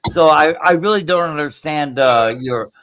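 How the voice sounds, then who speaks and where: A man hosting a live stream, speaking hesitantly with many "uh"s, calmly pushing back on a guest. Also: fairly high pitch, normal speed. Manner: hesitant, full of "uh", calm reproach. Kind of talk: casual chat.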